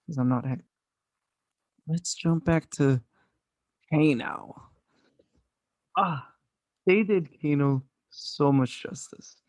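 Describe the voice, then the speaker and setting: A man's voice: fairly high pitch, slow pace, pauses often, a little mellow, dry recording. A man chatting casually as a podcast co-host, enthusiastic and rambling, swearing often. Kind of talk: casual movie review chat.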